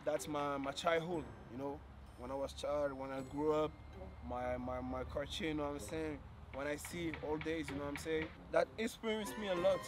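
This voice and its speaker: A man's voice: fairly high pitch, steady tone, moderate pace, background noise. A man filming a joking complaining vlog, whiny and slangy, calling everyone "bro" and mixing in French words.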